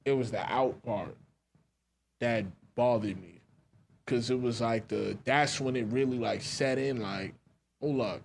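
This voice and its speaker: A man's voice: mid-range voice, measured pace, vocal fry, slight background noise. Laid-back New York man telling stories. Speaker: podcast co-host. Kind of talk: casual chat.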